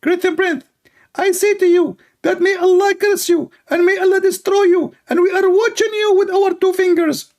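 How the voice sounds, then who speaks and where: A man's voice: very high voice, fairly even intonation, normal speed, darkish tone, pitched above the performer's own voice. A man voicing a mocking impression of a preaching male Muslim apologist, in an exaggerated sing-song sermon style. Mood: indignant.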